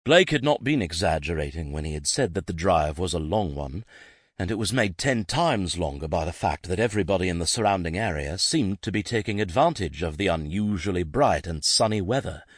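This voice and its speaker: A man narrating a novel in an expressive, scripted reading. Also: low-pitched, husky, dry recording, clean studio sound. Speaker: audiobook narrator.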